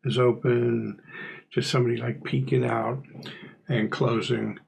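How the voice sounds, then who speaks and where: A man narrating as game master in a relaxed, rambling way. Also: mid-range voice, unhurried, creaky, slightly rough, rough recording. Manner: relaxed, rambling, filler-heavy.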